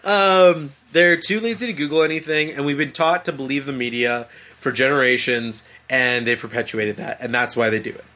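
A young man hosting a casual comedic chat, animated and profane, slipping into mocking voices as he talks. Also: mid-range voice, moderate pace. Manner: animated, swears freely, mimics people in voices.

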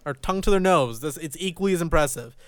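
Brash high-pitched man, profane host. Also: expressive, fast, smooth, dry recording, studio quality. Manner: brash, profane, mocking, jumps into falsetto mimicry. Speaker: radio show host. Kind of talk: crude casual banter.

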